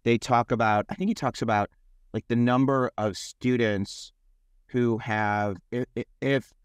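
A man's voice: mid-range voice, fairly even intonation, unhurried, clean tone, no echo. Man, mid-range voice, dry close mic, rambling podcast host who restarts often. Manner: rambling, repeats words and restarts. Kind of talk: conversational interview.

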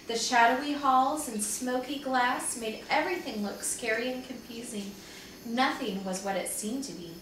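A second-grade teacher, a woman, reading a chapter book aloud to her pupils as an expressive storyteller. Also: high-pitched, slight background noise. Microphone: camera held by a small child. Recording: echoey room, voice from far off the mic.

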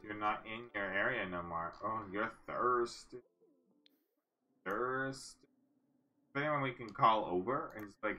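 A woman's voice: extremely low pitch, takes it slowly, long pauses, sharp tone, dull audio. A woman giving casual let's-play commentary, chatty and cooing at the game characters. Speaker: gaming channel host.

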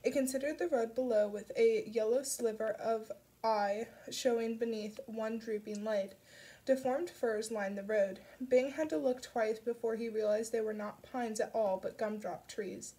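A woman reading an audiobook aloud, narrating a dark story with soft shifts for the characters. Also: a little high, steady tone, unhurried. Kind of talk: scripted narration.

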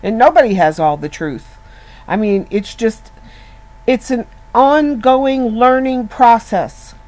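A woman's voice: on the high side, takes it slowly, darkish tone, poor audio. A woman giving an informal Bible teaching in an earnest, conversational way, often restarting and repeating words as she goes.

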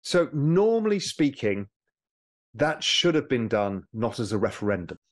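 Animated British man explaining economics. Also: medium pitch, unhurried. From Britain. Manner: animated, explanatory, mimics people for effect. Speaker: guest, former hedge fund manager. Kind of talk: conversational interview.

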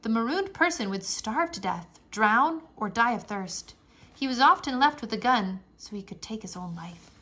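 A woman reading a children's nonfiction book aloud in an expressive storybook manner, with playful exclamations. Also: on the high side, normal speed, a little hiss or hum. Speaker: reader.

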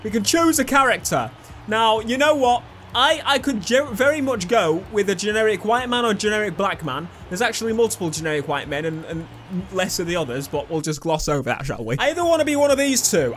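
A young man giving cheeky, sweary, excitable commentary while playing a video game. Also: high voice, brisk. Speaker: gaming YouTuber. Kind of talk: casual gameplay commentary. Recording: game music playing underneath.

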